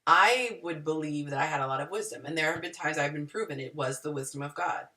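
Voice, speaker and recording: A woman hosting a casual group video call, telling stories with a lively, self-mocking energy. Her low-set voice is bright and sharp-edged and moves all over the place, and she sounds a little far from her mic. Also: fast talker. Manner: animated, self-deprecating storyteller with acted-out quotes. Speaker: host.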